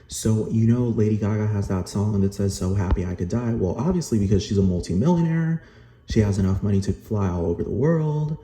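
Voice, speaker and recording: A man's voice: fairly low pitch, fairly quick, warm tone. A man ranting angrily in a vlog, swearing and repeating himself, again and again asking whether the listener understands. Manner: heated, repetitive, profane, keeps asking "do you understand?". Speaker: vlogger. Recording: echoey room with noise behind.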